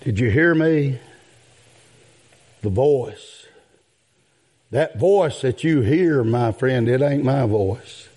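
A man preaching a sermon in a drawn-out cadence that rises into outbursts. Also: medium pitch, lively intonation, a little mellow, husky. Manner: calls out "my friend" and "yes, sir".

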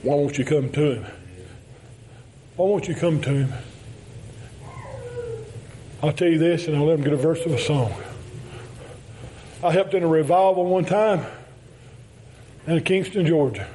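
A man's voice: a little high, moderate pace, pauses often, warm tone, a little hiss or hum, poor audio. A man preaching a folksy sermon, telling stories and chuckling often.

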